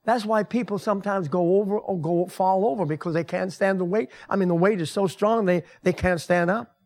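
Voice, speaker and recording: An older man who is a pastor and grandfather gives a folksy, conversational sermon to his congregation in a church sanctuary. He speaks briskly in a high, slightly mellow voice.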